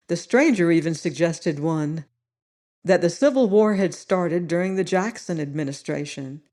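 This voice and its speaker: A woman's voice: on the low side, a little mellow. Woman narrating an audiobook. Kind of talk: scripted story narration.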